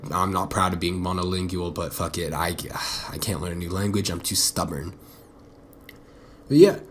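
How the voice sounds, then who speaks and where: A man's voice: fairly low pitch, darkish tone. Blunt, foul-mouthed young man rambling. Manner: profane, blunt and self-mocking; rambling, with frequent restarts. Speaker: podcast host. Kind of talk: solo rambling podcast monologue.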